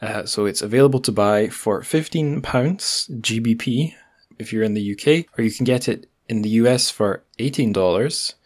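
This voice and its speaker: A man's voice: on the low side, moderate pace. Chatty Scottish man hosting a podcast. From Scotland. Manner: chatty, self-deprecating, with frequent restarts and asides. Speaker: podcast host. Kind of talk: casual podcast monologue.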